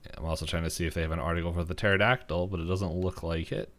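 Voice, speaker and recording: A man's voice: sits low, steady tone, very fast, a bit bright. A man hosting a podcast, casually recapping a cartoon episode in a rambling way with lots of fillers. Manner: rambling with many fillers and laughs. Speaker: podcast host.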